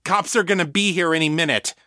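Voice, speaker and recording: A man voicing a violent, raging male killer in an audiobook, snarling and shouting. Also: fairly high pitch, brisk, dry recording, studio quality, pitched above the performer's own voice. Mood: demanding.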